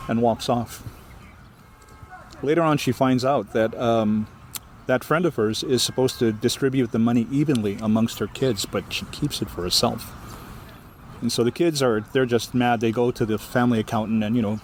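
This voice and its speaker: A man from Hawaii with a Hawaiian accent, telling a ghost story as a guest storyteller in a lively, animated way. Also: medium pitch, moderate pace, a little hiss or hum. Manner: lively, animated, acts out the voices. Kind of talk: oral storytelling in an interview.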